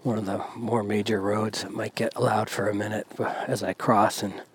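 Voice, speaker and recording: A man's voice: lowish voice, flat delivery, normal speed. A man hosting a podcast, talking casually with many fillers as he walks village streets outdoors, recorded on a handheld recorder with faint traffic and wind behind him. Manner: rambling, many fillers, soft-spoken. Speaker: podcast host. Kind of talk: casual walking monologue.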